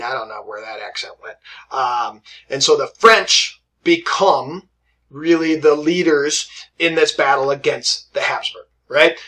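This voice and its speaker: A man's voice: fairly high pitch, unhurried, creaky, pushed and bright. A man teaching a history lesson in a conversational way, often checking in with "right?" and "okay?" and acting out quotes from historical figures. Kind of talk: classroom history lecture.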